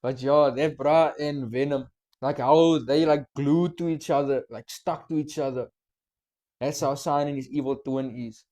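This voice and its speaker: A man's voice: fairly high pitch, unhurried. A young man, reacting to a rap track and eagerly explaining the lyrics in casual, slangy talk. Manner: excited, explains lyrics, mixes slang and swearing. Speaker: music reaction host.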